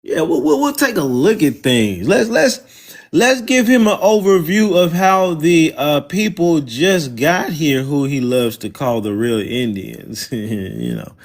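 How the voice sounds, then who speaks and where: A man's voice: fairly low pitch, a little mellow. A man with a Southern US accent, hosting a loose, mocking, profane livestream and talking casually. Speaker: livestream host.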